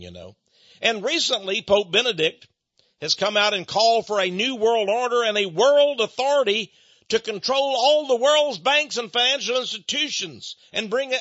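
A man's voice: high voice, sharp tone, slightly rough, no room sound. A man preaching in a radio-style commentary, emphatic and given to sarcastic asides, on a dull lo-fi recording.

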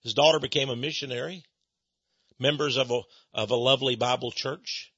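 A man preaching a radio sermon as host, telling stories and swinging between soft narration and fervent exhortation. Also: medium pitch, fairly even intonation, fairly quick, husky, no echo, highs cut off.

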